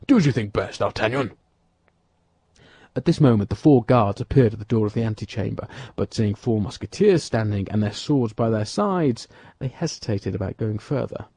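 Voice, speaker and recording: A man narrating an audiobook in an expressive, dramatic storytelling manner. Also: lowish voice, fairly quick, slightly rough, dry recording. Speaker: audiobook reader. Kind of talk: scripted narration.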